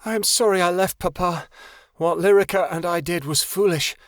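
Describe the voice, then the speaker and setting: Brave, proud young girl dragon, high and earnest, voiced by a male narrator. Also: moderate pace, dry recording, studio quality, lightly acted. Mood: apologetic.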